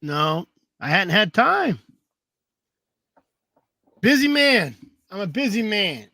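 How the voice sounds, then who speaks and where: Higher-pitched man swapping hunting stories on a video call, rambling and laughing often, dry sound. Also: big pitch swings, measured pace, pushed and bright, no room sound. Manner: rambling, laughs through anecdotes. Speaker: hound hunter telling stories. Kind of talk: casual storytelling chat.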